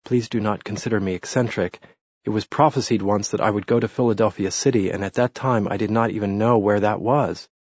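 A man voicing an excitable, impetuous young musician. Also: fairly low pitch, a little fast, husky, dry recording. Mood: eager. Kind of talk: audiobook character reading. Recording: muffled lo-fi recording.

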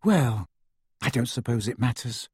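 A man's voice: a little high, expressive, moderate pace, darkish tone, breathy edge, no echo, clean studio sound. A man reading aloud voices a clever, exasperated teenage girl witch with a firm, sarcastic manner. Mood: firm, sceptical.

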